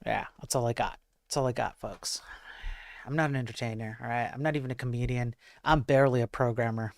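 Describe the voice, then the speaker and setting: A man's voice: mid-range voice, steady tone, brisk, gravelly, no echo, studio quality. Rambling self-deprecating male streamer. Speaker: livestream host. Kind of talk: casual live-stream chat.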